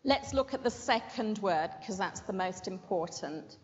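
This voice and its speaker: A woman teaching an English vocabulary and pronunciation lesson, slowly stressing syllables and checking in with "okay?". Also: mid-range voice, lively intonation. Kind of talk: classroom language lesson. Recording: muffled with long hall reverb.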